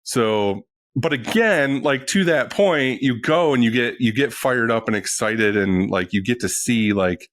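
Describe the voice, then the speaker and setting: A man in casual podcast chat, telling a story with a lot of swearing and animated outbursts. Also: medium pitch, unhurried, dry recording. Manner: animated, profane, ranting storyteller. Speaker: podcast guest.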